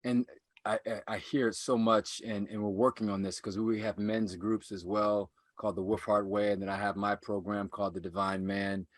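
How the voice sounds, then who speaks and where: A man speaking as a podcast guest and coach, measured and earnest, repeating phrases for emphasis. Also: fairly low pitch, level tone, no echo, clean studio sound. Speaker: guest, men's self-mastery coach. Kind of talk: earnest conversational teaching.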